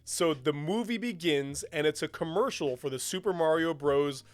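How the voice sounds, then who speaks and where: A man co-hosting a podcast, talking in an enthusiastic, animated way and laughing often. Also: fairly high pitch, normal speed, dry recording. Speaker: podcast co-host. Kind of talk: casual chat.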